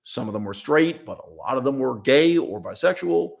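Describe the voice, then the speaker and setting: Male streamer, emphatic and blunt, mid-pitch, laughs in between points, stream mic. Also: expressive, normal speed, vocal fry. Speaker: language channel host. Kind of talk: opinionated livestream monologue. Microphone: streaming setup mic.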